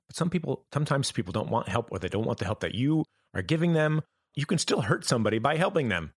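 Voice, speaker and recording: A man in a reflective podcast conversation, talking earnestly in halting, restarting phrases. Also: medium pitch, sing-song, no echo, studio quality. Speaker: podcast guest.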